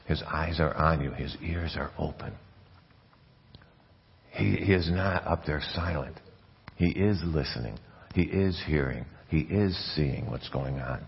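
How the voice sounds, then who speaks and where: A man's voice: very deep voice, measured pace, creaky, breathy edge, dull audio. A man preaching a sermon as a pastor, earnest, often restarting and repeating words mid-phrase. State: coughing, something in his mouth. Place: church.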